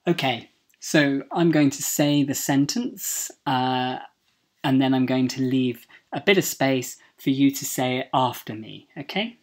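A woman's voice: rumbling low, unhurried. A woman English teacher with a British accent giving a recorded pronunciation lesson over slides, carefully saying each word twice for students to copy.

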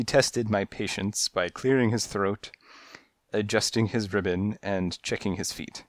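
A man's voice: fairly low pitch, steady tone, unhurried, dry recording, studio quality. A man reading a children's mystery aloud in first person, with a rhythmic, lilting storytelling delivery. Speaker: audiobook narrator. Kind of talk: first-person audiobook narration.

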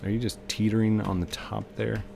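A man's voice: on the low side, little pitch movement, brisk, gravelly, darkish tone, a little hiss or hum. A man giving casual, rambling commentary while playing a video game, talking to himself and the game. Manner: chatty, talks to himself and the game.

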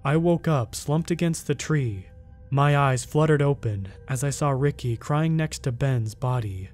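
A man narrating a first-person scary story in a steady, measured way. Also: mid-range voice, faint music behind.

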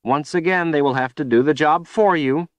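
A man's voice: on the high side, moderate pace, no echo, pitched above the performer's own voice, natural voice. A man voicing a defiant captive young woman who taunts her captor with scorn, in an audiobook reading. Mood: taunting.

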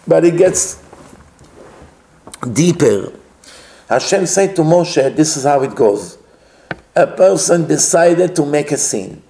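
A rabbi delivers a religious lecture in a fairly high male voice. He is animated, asks rhetorical questions and acts out little dialogues to make his points.

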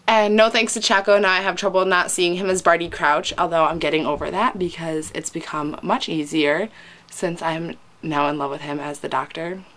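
A young woman vlogging at home to a webcam, rambling and gushing excitedly with lots of "like", a little teary. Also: low voice. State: teary from crying. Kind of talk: casual fan vlog. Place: indoors at home, hot room.

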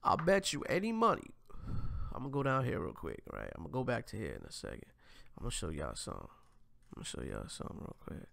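A man's voice: mid-range voice, wildly swooping pitch, quick pace, vocal fry, a bit bright, no echo. A man hosting a casual commentary show, reacting to clips and talking straight to viewers in slangy, profane talk. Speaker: host.

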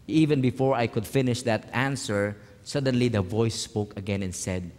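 A man, a pastor telling a personal story in a sermon, swinging from hushed lines to loud emphatic ones. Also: medium pitch, normal speed, hardly any pauses. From Philippines. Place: church hall. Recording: reverberant church hall.

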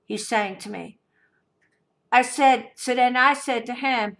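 Woman vlogger, fairly high, bright and forceful voice, indignant storyteller. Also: slow pace, vocal fry, pauses often. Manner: emphatic, indignant, keeps asking "okay?". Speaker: vlogger telling a personal story. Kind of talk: casual storytelling to camera.

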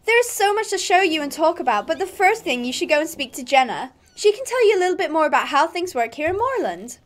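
A woman's voice: very high-pitched, sing-song, fast talker, voice pushed up. A woman putting on a bubbly American stable girl. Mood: cheerful. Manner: bubbly, bright, put-on American accent. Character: cheerful teen stable girl, American-accented.

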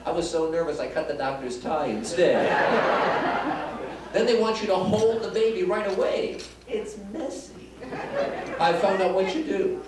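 A man's voice: high-pitched, expressive, unhurried. A man from Detroit performing magic and stand-up comedy live in a casino showroom, cracking jokes and bantering with the audience. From Detroit, USA. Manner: wisecracking, chatting with the audience. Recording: echoey live room, loud crowd and noise, mic at a distance.

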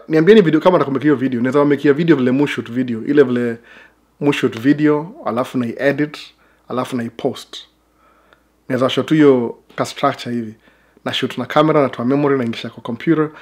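Kenyan male vlogger, quick, chatty, rambling; loose to-camera talk. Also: mid-range voice. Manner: chatty, rambling asides with laughs. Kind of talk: casual chat to camera.

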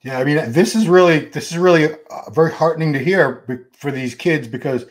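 A man hosting an interview with a slightly raised pitch. His questions sound easy and conversational. He speaks at an unhurried pace. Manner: conversational, asks open questions. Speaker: host. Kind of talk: interview chat.

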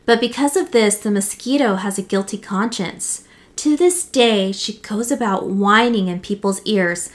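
A woman teacher reading a picture book aloud to children, animated and doing voices for the animals. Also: mid-range voice, a little slow. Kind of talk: storybook read-aloud for children.

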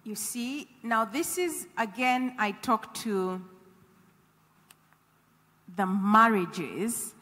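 Husky woman preaching in an echoey hall. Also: fairly high pitch, expressive, drawn-out words, pauses often, bright, forceful tone. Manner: earnest, exhorting, repeats phrases for emphasis. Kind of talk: church teaching on scripture. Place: church hall.

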